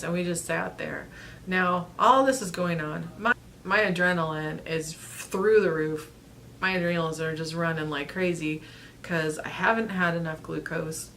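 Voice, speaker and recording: Woman vlogger, thirties, slightly low voice, rambling and earnest, light background noise. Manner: earnest, rambling, with frequent restarts and soft laughs. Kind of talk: casual storytelling to camera.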